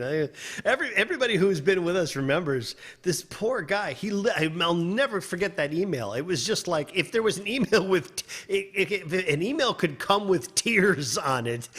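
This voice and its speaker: Man, composer, casual critique, fairly high pitch, rambling, profane, frequent laughs. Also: sing-song, normal speed, a bit bright, breathy edge. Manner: rambling, profane, laughs often, many restarts. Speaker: composer reviewing listener submissions.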